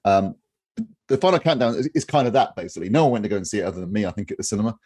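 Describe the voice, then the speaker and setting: A man with a husky voice, blunt and opinionated, chatting casually on a podcast and swearing freely. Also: on the low side, animated, racing, a little mellow. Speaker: home cinema reviewer.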